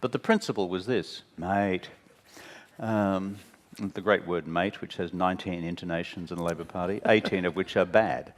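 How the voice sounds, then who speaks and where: At a moderate pace, a deep-voiced Australian in his fifties, a former prime minister, tells candid stories while interviewed on stage at a talk venue. Wry and blunt, he animatedly slips into impressions of the people he quotes.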